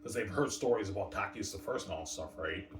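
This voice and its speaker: A man's voice: low-pitched, fairly quick. A man rambling casually about a book he wrote, often tacking on "obviously" and "man". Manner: rambling, repeats "obviously" and "man", acts out lines from his story. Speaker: author talking about his own book. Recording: echoey room, mic far off, noisy.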